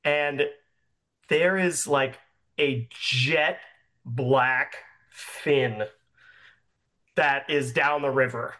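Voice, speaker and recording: Young man, game master, rambling narration, slow pace, bright tone. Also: medium pitch, fairly even intonation. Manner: rambling, many fillers.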